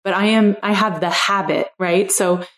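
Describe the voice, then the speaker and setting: A reflective woman hosting a podcast interview, musing aloud with plenty of "you know" and "like". Her voice sits at a middle pitch, and her recording carries a noticeable roomy echo. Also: fairly even intonation, moderate pace, a bit bright. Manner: reflective, thinks aloud with many fillers. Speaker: podcast host. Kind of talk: casual interview chat.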